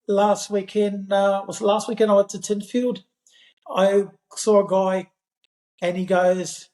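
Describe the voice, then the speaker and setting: A man's voice: sits high, darkish tone, echoey room. A man, chatting as a podcast guest. He tells his story loosely and rambles, with plenty of fillers along the way. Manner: rambling anecdote with many fillers. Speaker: podcast guest, parkrun regular. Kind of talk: casual storytelling chat.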